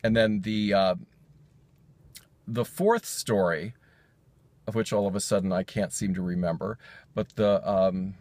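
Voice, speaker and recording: A man's voice: fairly low pitch, steady tone, a little slow, pauses often, darkish tone, no echo. A man casually recapping a sermon's jokes, rambling with fillers and self-corrections and chuckling as he goes. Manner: chuckles while telling jokes.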